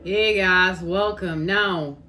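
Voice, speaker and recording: A woman's voice: fairly low pitch, steady tone, slow, pushed and bright, soft background music. A woman with a Canadian accent gives a casual spiritual talk to her viewers, earnest and repetitive, often calling them guys. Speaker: spiritual tarot reader.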